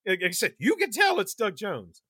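A man hosting a podcast, recapping a film in casual chat, animated and quick to laugh. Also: high-pitched, slightly rough, dry recording, studio quality. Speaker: podcast host.

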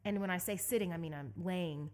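Lively young woman from Southeast Texas. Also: fairly low pitch, a little fast. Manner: animated, laughs often mid-story. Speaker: guest, endurance bike racer. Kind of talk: casual storytelling in an interview.

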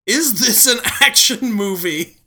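A man hosting a casual, joking movie review podcast, laughing often and tossing off quick asides. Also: high voice, animated. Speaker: podcast host.

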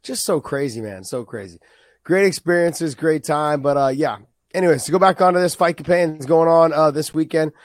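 A man hosting a casual chat, excitable and quick with asides and swearing. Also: on the high side, no room sound. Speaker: podcast host.

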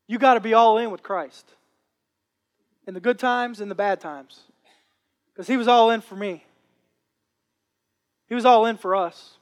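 A man's voice: high voice, a little slow, long pauses. A man preaching a sermon with impassioned, repetitive phrasing. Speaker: pastor.

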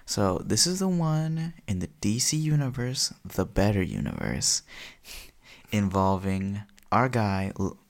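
Young guy on a podcast, super animated, low gravelly voice, pitch all over the place. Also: unhurried. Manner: animated, jokey storytelling. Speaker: podcast co-host. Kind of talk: casual chat.

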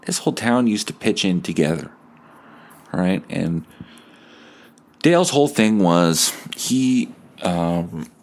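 A man's voice: deep voice, very animated, slow, pauses often. A male podcast host improvising a story, rambling and laughing at himself. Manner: rambling, laughs at his own tale.

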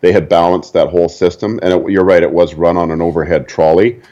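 A man's voice: deep voice, little pitch movement, fast, warm tone, dull audio. An older man from Canada, a stunt performer, telling stories casually and chuckling at his own anecdotes. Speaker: interview guest, stunt performer.

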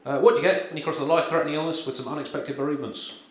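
A man doing a stand-up comedy set with a dry, halting delivery full of ums and uhs, performed live. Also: a little high, fairly even intonation. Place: live comedy venue, in front of an audience. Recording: echoey live room with crowd.

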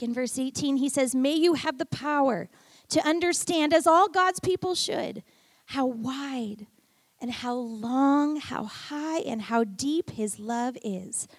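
A middle-aged woman with a high voice preaches in a storytelling way, dropping to near-whispers and then rising to emphatic peaks. The sound is close and dry, with no room echo. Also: slow pace. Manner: warm storytelling, swings from hushed to emphatic. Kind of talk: sermon.

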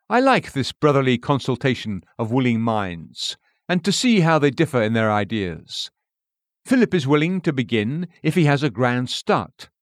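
A man reading an old sermon in an earnest, measured way. His pitch rises and falls in a lively, expressive line. The sound is close and dry, with no room around it. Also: dry recording. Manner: measured, earnest, rhetorical questions. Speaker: preacher. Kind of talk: read-aloud sermon.

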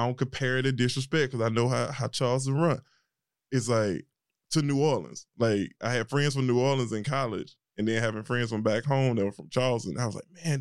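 A man's voice: medium pitch, clear, resonant tone, no room sound, studio quality. A man from South Carolina with a rural country twang, hosting a podcast in an enthusiastic, chatty way. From Johnston, South Carolina. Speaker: podcast host. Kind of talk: conversational interview.

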